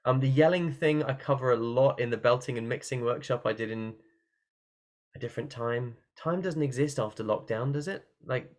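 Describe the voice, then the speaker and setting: A man at his computer, talking through a singing lesson in a relaxed, playful way. He jumps between plain explanation and short bursts of sung or shouted examples. His voice sits at an everyday middle pitch. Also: normal speed. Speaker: singing teacher. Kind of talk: online workshop talk. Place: room at a computer by a window.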